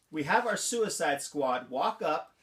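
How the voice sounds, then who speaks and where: A man's voice: a little high, sing-song, slow, a bit bright. A man hosting a vlog, giving a casual movie review in an amused, incredulous manner and laughing often. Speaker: vlog host.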